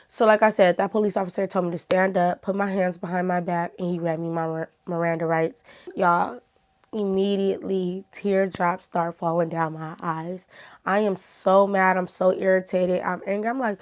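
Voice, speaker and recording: A woman's voice: fairly low pitch, level tone, normal speed. Chatty woman telling a storytime. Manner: chatty, talks straight to viewers. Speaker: YouTuber. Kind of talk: casual storytime vlog.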